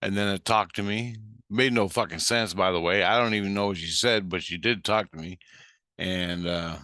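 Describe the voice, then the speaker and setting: A man with a low voice and a bright, forceful edge rants profanely through a rambling monologue. He acts out both voices of a conversation, and the recording is dry and close. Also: normal speed, dry recording. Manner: profane, ranting, animated retelling; acts out both sides of the dialogue. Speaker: vlogger.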